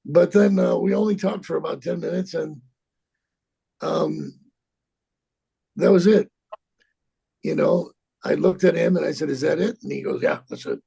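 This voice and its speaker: Gravelly husky older man telling a story. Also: a little high, dark tone. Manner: rambling, profane, halting with repeats and laughs. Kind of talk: anecdotal storytelling in an interview.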